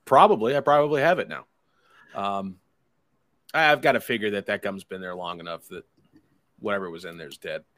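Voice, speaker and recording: A man's voice: fairly low pitch, a little fast, pauses often, a bit bright, dry recording. A man telling a rambling, profane story in casual chat, acting out his friends' lines. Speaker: podcast host telling a story.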